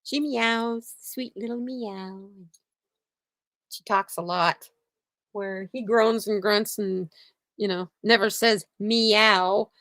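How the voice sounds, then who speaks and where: A woman's voice: mid-range voice, fairly even intonation, slow, a bit bright, dry recording. A woman hosting a casual chat stream from her home, rambling and laughing often. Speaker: channel host. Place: home room with a heater.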